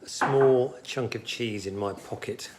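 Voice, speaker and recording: A man's voice: mid-range voice, unhurried, heavy background noise. A man bantering with dry humour beside a cooking host and reading out viewer comments. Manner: dry, joking. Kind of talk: casual banter.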